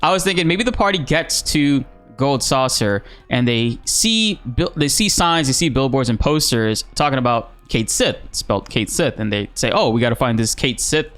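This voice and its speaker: A man giving casual, animated commentary on gaming news, excitable and slangy, swearing freely. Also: mid-range voice, moderate pace.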